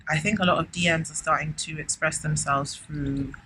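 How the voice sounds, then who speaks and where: A woman giving a casual spiritual tarot reading, effusive and chatty, often exclaiming and filling pauses. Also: low voice, fairly even intonation, low-quality recording. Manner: effusive, keeps exclaiming wow, chatty with many fillers. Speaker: tarot reader. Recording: loud background noise with clicks.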